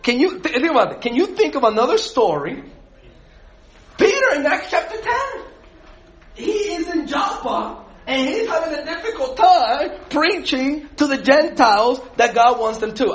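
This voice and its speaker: Animated male Bible study leader, high and lively, quizzes his group. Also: moderate pace. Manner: animated, asks the group questions, laughs often.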